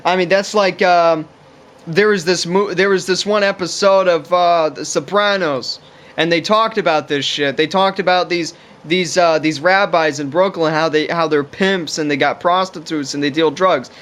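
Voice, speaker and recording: A man's voice: on the high side, moderate pace, a bit bright. A man talking to camera in a casual ranting monologue, rambling and profane, with lots of fillers. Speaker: vlogger.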